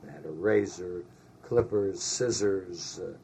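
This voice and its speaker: An older man recalling his army days in an oral history interview, an animated storyteller who sprinkles in Yiddish words. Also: low-pitched, slow, a little hiss or hum.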